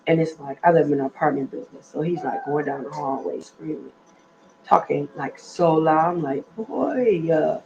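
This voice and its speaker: A woman's voice: low voice, steady tone, normal speed, a little mellow, muffled recording, a little hiss or hum. A middle-aged woman with a heavy voice, chatting casually from her apartment on a livestream, meandering with lots of fillers. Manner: chatty and meandering, with many fillers and lost trains of thought. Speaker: livestream host. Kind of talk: casual rambling chat. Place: apartment at home.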